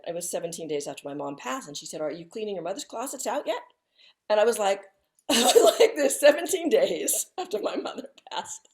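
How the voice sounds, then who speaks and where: A woman speaking as a guest in an interview, talking softly and reflectively with many restarts, over a video call. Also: medium pitch. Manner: soft-spoken, halting, with frequent restarts.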